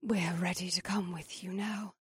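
A man voicing a gentle young woman in a soft, high falsetto for a storybook. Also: fairly even intonation, slow pace, no echo, clean studio sound, exaggerated voice. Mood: whispering. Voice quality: hushed falsetto.

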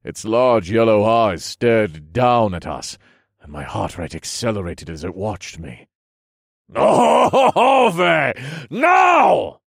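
A man narrating a first-person fantasy audiobook in a measured, steady storytelling manner. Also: on the low side, no echo, studio quality.

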